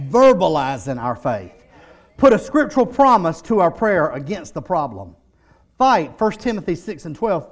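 A middle-aged male pastor preaching a sermon, telling stories and building to loud, shouted declarations. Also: fairly high pitch.

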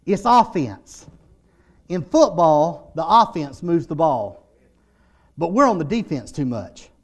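A male pastor with a high voice that swoops widely in pitch. He preaches in waves, dropping low for stories and then climbing into loud, fervent declarations. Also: sing-song, takes it slowly. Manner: preaching with rising shouted declarations and storytelling. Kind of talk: sermon.

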